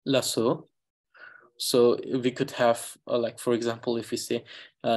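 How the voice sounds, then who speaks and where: A man with an Eastern Tibetan accent teaching a language class over a video call, pausing often with fillers as he thinks aloud. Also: mid-range voice, fairly even intonation. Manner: halting, many fillers, thinks aloud while explaining.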